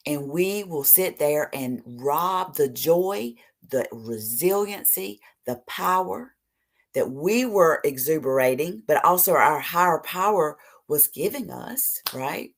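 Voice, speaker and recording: A woman with a low voice gives an earnest motivational talk about recovery. She reads short passages aloud, then preaches on them, sometimes pushing hard and sometimes dropping to near-whispers. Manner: earnest, preachy, animated with sudden soft drops. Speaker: recovery speaker.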